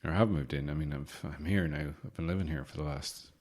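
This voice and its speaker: A man hosting a casual solo podcast from home, rambling with deadpan joking asides. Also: rumbling low, a little fast. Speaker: podcast host. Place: home in the city centre.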